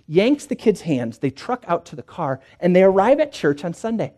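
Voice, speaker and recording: A man preaching a sermon in church, swinging between hushed, quiet lines and emphatic ones. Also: on the high side, big pitch swings, fairly quick. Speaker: pastor.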